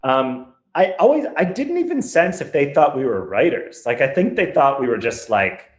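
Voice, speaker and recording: A man's voice: medium pitch, sing-song, reverberant. A man telling comedy-writing stories in casual chat, rambling and correcting himself often. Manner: rambling anecdotes with quick self-corrections. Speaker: podcast guest, comedy writer.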